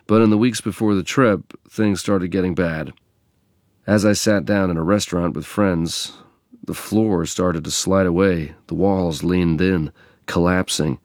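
A man from England narrating a memoir in a measured, reflective reading. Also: deep voice, fairly even intonation, a little mellow, no echo, clean studio sound.

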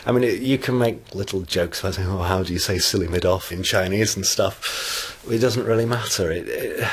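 Man, very deep husky voice, frank wry interviewee. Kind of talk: casual interview answer.

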